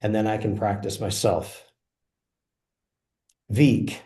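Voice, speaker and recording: A man walking through a software demo, explaining each feature in a relaxed, explanatory way. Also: lowish voice, moderate pace. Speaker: software presenter. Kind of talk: product demo walkthrough. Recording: roomy echo.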